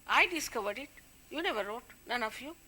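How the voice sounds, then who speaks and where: A woman's voice: on the high side, animated, fairly quick, sharp tone. A woman, a spiritual leader, giving an informal talk to her followers, warning and scolding them in a conversational way.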